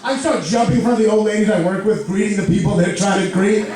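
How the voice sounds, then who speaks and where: A young man with a lisp telling an animated stand-up comedy story on a club stage, jumping into loud, high outbursts. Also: brisk. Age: young adult. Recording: echoey club, far mic, laughing crowd. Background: audience laughter.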